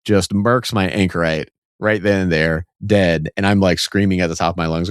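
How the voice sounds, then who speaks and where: A man's voice: low-pitched, fairly even intonation, normal speed, clean tone, no echo, studio quality. A man co-hosting a casual podcast, explaining game rules step by step with enthusiasm. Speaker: podcast co-host.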